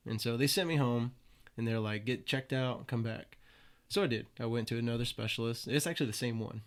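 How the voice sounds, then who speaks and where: Medium in pitch and fairly quick, this young man's voice carries a relaxed storytelling interview on a podcast. He curses plenty and performs the voices of the people he quotes.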